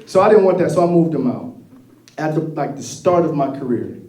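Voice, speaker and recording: A man doing a stand-up comedy set, telling stories in a profane, animated way. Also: on the high side, brisk. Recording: echoey room, distant mic.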